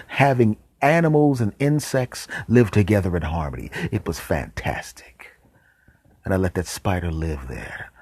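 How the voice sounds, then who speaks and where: A man hosting a podcast, telling absurd comic stories deadpan and dropping whispered asides. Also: low-pitched, breathy edge, dry recording. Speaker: podcast host. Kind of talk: comic storytelling monologue.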